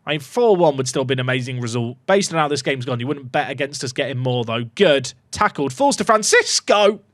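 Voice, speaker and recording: A man commentating his own football management game, excitable and jokey, reacting loudly to goals. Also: medium pitch, brisk, no room sound, studio quality. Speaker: gaming YouTuber.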